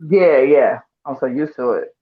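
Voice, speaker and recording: Male co-host, casual storyteller, lively, plays the voices he quotes; muffled remote audio. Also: medium pitch, a little slow. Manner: animated, mimics voices when quoting people. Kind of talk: casual chat.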